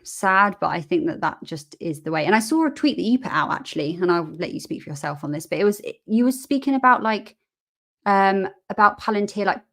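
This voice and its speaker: A British woman from the UK, a guest investor talking in a casual interview, agreeable and quick to laugh. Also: medium pitch, animated, fairly bright tone. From United Kingdom.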